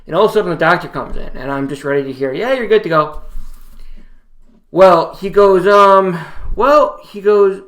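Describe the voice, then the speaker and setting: A man's voice: high-pitched, moderate pace, a bit bright. A man telling a personal story to his viewers in a casual vlog, rambling with many restarts and acting out what people said to him. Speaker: vlogger.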